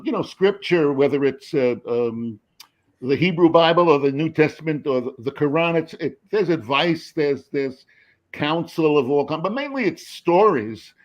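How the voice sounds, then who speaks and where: An older man with a fairly high voice tells stories with animated energy, stumbling and restarting as he builds his point. The sound is dull and lo-fi, like a video call. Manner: expressive storyteller with many restarts, animated. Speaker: screenwriter and professor. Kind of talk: animated panel talk.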